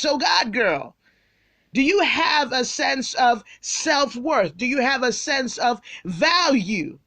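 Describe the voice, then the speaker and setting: A woman's voice: sits high, animated, slow, fairly bright tone, no echo. A woman pastor teaching a Bible sermon, speaking emphatically and repeating phrases for stress.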